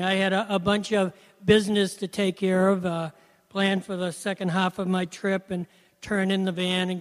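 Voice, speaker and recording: A Christian speaker with a notably high voice shares an earnest personal testimony as a loosely paced, conversational story, often saying "you know." A long hall reverb surrounds his voice.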